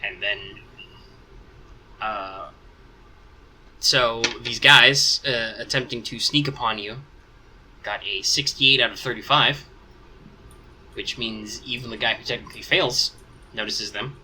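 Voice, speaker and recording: A man runs a tabletop game as game master, and his voice is strikingly bright and sharp. His pitch sits in an ordinary middle range. He narrates casually and rambles as he thinks aloud. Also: slow pace, long pauses, a little hiss or hum, poor audio.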